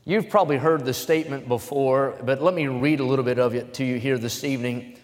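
A man preaching from the pulpit, telling his story plainly and then rising into loud, emphatic reading of scripture. His voice has a middling pitch, and the sound rings with the long reverb of a large hall. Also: fairly quick. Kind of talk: sermon.

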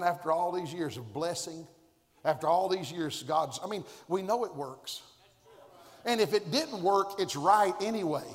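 A male pastor preaching a sermon in a fiery, rhythmic way, repeating phrases and bursting into shouts, recorded in a reverberant hall. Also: high voice.

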